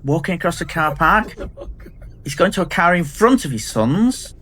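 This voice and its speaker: A man's voice: fairly high pitch, animated, moderate pace, pushed and bright, a little hiss or hum. A middle-aged man co-hosting a podcast in casual banter, joking and playing with words. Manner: playful, jokey, wordplay-loving. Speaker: podcast co-host.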